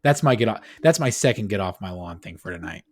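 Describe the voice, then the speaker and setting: A man co-hosting a podcast in casual chat, animated and rambling, often poking fun at himself. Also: low-pitched, quick pace, breathy edge. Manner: animated, rambling, self-deprecating. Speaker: podcast co-host.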